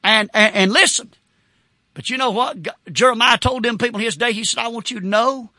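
A man preaching with fervor, breaking into shouts and whoops between his points. His voice sits high and sounds bright and tense. The sound is dry and close, with no room around it. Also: a little fast, no room sound. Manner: fervent, shouting bursts and whoops. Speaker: Baptist pastor. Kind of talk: sermon.

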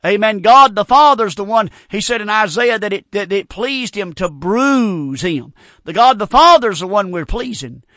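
A preacher delivers a fiery radio sermon, hammering home repeated phrases. His voice sits high and sounds bright and ringing. The sound is close and dry, with no room around it. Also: lively intonation, moderate pace, no echo. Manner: preaching with rising emphasis and repetitions.

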